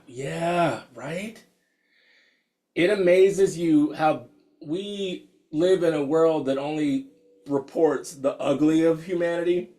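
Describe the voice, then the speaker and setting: Man in his fifties, slightly high voice, candid and laughing, casual meditation teaching, video call. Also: a little mellow. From United States. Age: 50s. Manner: candid, laughs often, reads out attendees' comments.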